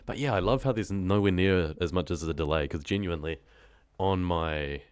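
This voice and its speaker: A man's voice: deep voice, moderate pace, clean tone, dry recording. A man chatting casually on a live stream into his microphone, rambling and humming to himself. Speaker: horror story narrator and live streamer.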